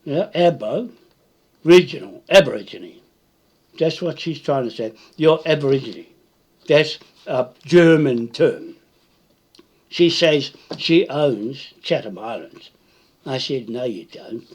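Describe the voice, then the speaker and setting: New man, husky and unhurried, swooping pitch, repetitive confrontational live-video rant. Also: lively intonation. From New Zealand. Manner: repetitive, confrontational, tag questions like "Hmm?". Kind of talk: rambling live-stream monologue.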